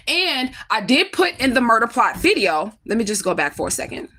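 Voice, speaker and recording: A woman's voice: on the high side, big pitch swings, brisk, sharp tone, slight background noise. A woman from St. Louis talking casually to her camera, profane and emphatic, often asking rhetorical questions. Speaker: vlogger.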